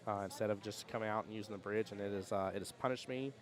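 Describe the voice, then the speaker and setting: A man's voice: lowish voice, steady tone. A man hosting a pool tournament stream, chatting casually and reading viewer comments in a rambling, storytelling way. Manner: fast, rambling storyteller with restarts and laughs. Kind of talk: casual chat with live chat readouts.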